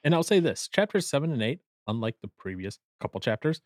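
A man's voice: mid-range voice, sing-song, quick pace, darkish tone, no echo. A man co-hosting a casual podcast about a book, with a dry, teasing sense of humor. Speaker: podcast co-host.

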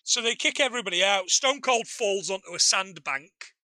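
A man's voice: high-pitched, animated, normal speed, bright, forceful tone, dry recording. A man co-hosting a podcast, recapping a film in casual, joking chat and swearing freely. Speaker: podcast co-host.

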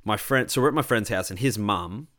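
A man's voice: on the low side, brisk, fairly bright tone. A young Australian man telling a rambling party story in casual chat, swearing freely.

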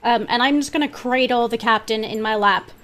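A woman speaking as a player in a tabletop game, calmly taking charge of the scene. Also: a little high, brisk. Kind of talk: tabletop role-play.

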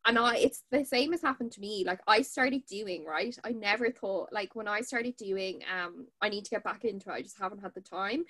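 A woman's voice: mid-range voice, brisk, hardly any pauses, a bit bright. Irish woman hosting a casual podcast. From Ireland. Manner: conversational, frequent "um" and "like". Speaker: podcast host.

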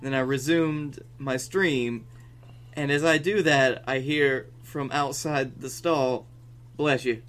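A man co-hosting a comedy podcast, telling a relaxed, deadpan story in casual chat. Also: medium pitch, slow pace. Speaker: podcast co-host.

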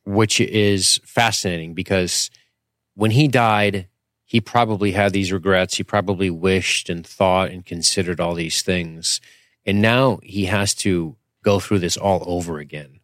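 A man's voice: sits low, fairly even intonation, measured pace, fairly bright tone, no echo, studio quality. A young man co-hosting a podcast, chatting casually and profanely about a TV episode, joking and reading scene lines aloud. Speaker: podcast co-host.

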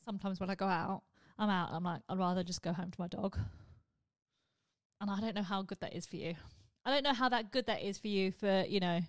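A woman's voice: medium pitch, fast talker, hardly any pauses, no echo. A woman hosting a podcast, chatting in a candid, rambling way and swearing offhandedly. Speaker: podcast host. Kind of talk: casual podcast chat.

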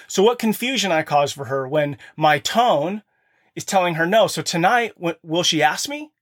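A man's voice: on the high side, lively intonation, moderate pace. A man in his thirties or forties hosting a podcast for fathers, giving an earnest motivational talk from his home office and speaking straight to the listeners. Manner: earnest, addresses listeners directly. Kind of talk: motivational monologue.

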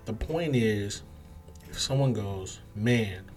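Male podcast host, lowish voice, casual but emphatic commentary style. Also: a little slow, a little mellow, faint music behind. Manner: emphatic, conversational, acts out other people's replies.

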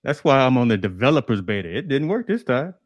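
A man's voice: medium pitch, sing-song, fast, no room sound. A man co-hosting a live tech show over a video call, laid-back and stammering when flustered. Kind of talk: casual live-stream banter.

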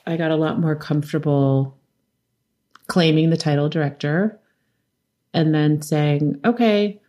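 Low-pitched middle-aged woman, doc director, chatting in an interview, animated storyteller who acts out what people said. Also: unhurried. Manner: animated storytelling, laughs often, acts out quotes. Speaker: documentary director, interview guest. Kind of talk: conversational interview.

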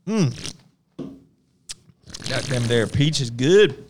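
A man co-hosting a podcast in casual chat, easygoing and quick to laugh. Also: mid-range voice, animated, background noise. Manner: easygoing, laughs often, hypes his cohost. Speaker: podcast co-host.

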